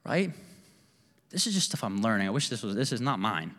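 A man's voice: lowish voice, sing-song, a little fast, fairly bright tone, long reverb tail. A man preaching a sermon as pastor, candid and self-deprecating in a conversational way. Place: church sanctuary.

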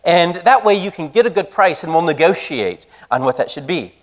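A man's voice: on the high side, lively intonation, moderate pace, lightly acted. A man voicing a pushy male market trader, eager and insistent as he sells.

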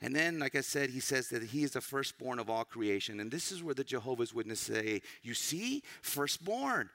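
A man's voice: medium pitch, fairly quick. A man preaching a teaching sermon who tells listeners what to underline, pressing key words hard and sometimes sinking to a near-whisper. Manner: emphatic, rising to loud stresses and dropping to near-whispers.

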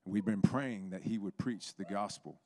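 A man's voice: fairly low pitch, normal speed, mellow, no room sound. A man preaching a sermon, telling stories and acting out the voices in them. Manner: storytelling, acts out quoted voices.

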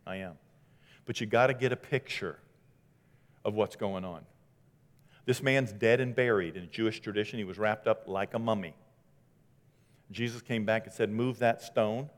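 A man preaching a sermon as pastor, dramatic, dropping to a hush and rising to loud exclamations. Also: on the low side, normal speed, long pauses, long reverb tail. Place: church sanctuary.

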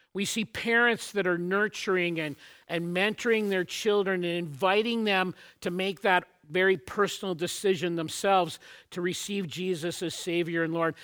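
Bright-voiced man preaching a sermon. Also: sits high. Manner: earnest, storytelling opener then teaching, occasional restarts. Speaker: pastor.

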